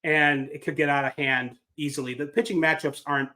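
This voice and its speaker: A man hosting a casual sports podcast, his voice sitting a little higher than most men's. He talks in a wry, rambling way and pokes fun at himself. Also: fairly even intonation, a little fast, sharp tone. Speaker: podcast host.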